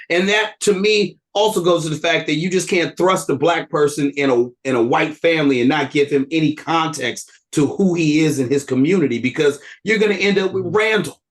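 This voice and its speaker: A man's voice: fairly high pitch, fairly quick, few pauses. A man with a Northern California accent, talking emphatically and animatedly as a guest in a casual podcast chat.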